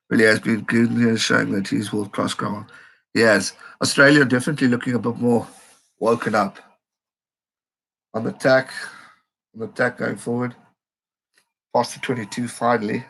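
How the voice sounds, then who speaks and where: Streamer, man, gravelly and husky, excitable, reads out chat comments. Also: mid-range voice. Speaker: live-stream host. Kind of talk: live match reaction stream.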